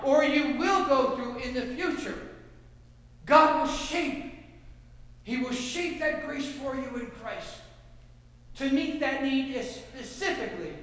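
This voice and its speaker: Preaching man in a reverberant hall. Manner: swings from low and soft to loud shouted cries. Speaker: pastor. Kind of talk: sermon. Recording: echoey hall with long reverb.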